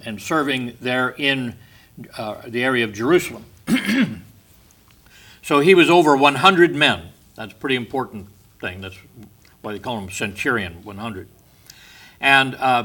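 A man with a bright, forceful voice teaching a Bible study. He explains patiently, leans on key words and circles back to restate each point. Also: medium pitch.

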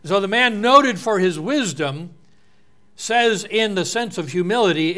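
Man, preacher, earnest sermon, slightly high-pitched, explains scripture. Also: expressive, normal speed, pushed and bright.

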